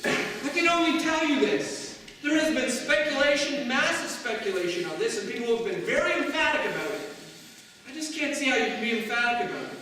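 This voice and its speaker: Guy pastor preaching, pretty high voice, chatty asides to the pews, sounds far off in a big echoey church. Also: lively intonation, fairly quick, sharp tone, a little hiss or hum. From Canada. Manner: conversational, rhetorical asides to the congregation. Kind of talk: sermon. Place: church sanctuary.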